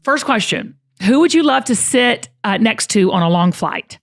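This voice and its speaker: Middle-aged Southern woman, talk show host, lively animated exclaiming delivery. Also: a little high, a little hiss or hum. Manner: bubbly, exclaiming, quick questions. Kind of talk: casual interview chat.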